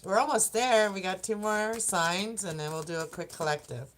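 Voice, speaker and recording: This is a tarot and oracle card reader doing an informal reading for the zodiac signs, and she's chatty and rambling, often laughing and getting tongue-tied. Her voice is medium-pitched and her speed is normal.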